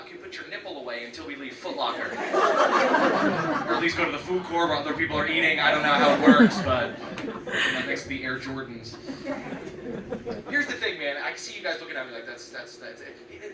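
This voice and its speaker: Lively young man doing stand-up, echoey. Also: medium pitch. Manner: animated storytelling, acting out quoted voices. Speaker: stand-up comedian. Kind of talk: stand-up comedy set. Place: comedy venue with a live audience. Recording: echoey room, distant mic, loud background noise.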